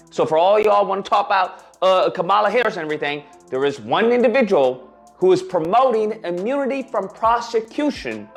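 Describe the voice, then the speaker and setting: Man, reaction commentator, emphatic, indignant, lively swooping pitch, faint background music.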